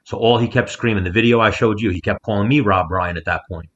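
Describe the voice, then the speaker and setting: In a casual storytelling chat on the podcast he co-hosts, a man with a fairly low voice talks at a quick pace from a rented house. He's loose and profane, an animated storyteller who delivers quotes loudly and with extra punch. Muffled, lo-fi audio gives it a remote-call feel.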